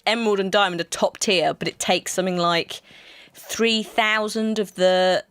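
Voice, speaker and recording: A woman's voice: medium pitch, fairly even intonation, normal speed, fairly bright tone, clear, resonant tone, dry recording. Rambling woman, dry sound. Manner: rambling, explains with fillers and restarts, teasing. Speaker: let's play co-host. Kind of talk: casual gaming chat.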